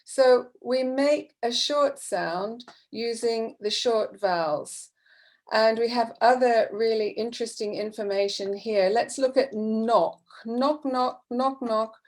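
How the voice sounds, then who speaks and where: A woman's voice: fairly high pitch, takes it slowly, a little mellow. A woman teacher trainer explaining classroom methods in a patient, explanatory way, with frequent fillers. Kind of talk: online teacher-training talk.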